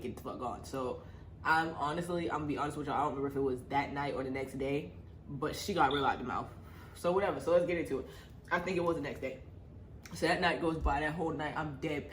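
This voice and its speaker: Animated woman telling a storytime in an echoey room. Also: sits low. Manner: animated, profane, acts out the quarrel. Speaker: vlogger. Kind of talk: casual storytime vlog. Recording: echoey room with faint background noise.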